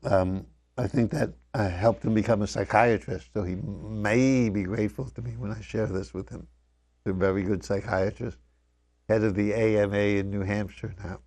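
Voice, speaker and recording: An older man telling personal memories straight to his father, reflective, often letting his voice sink soft and low. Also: fairly even intonation. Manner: slow, reflective, often dropping softly. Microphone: wired microphone.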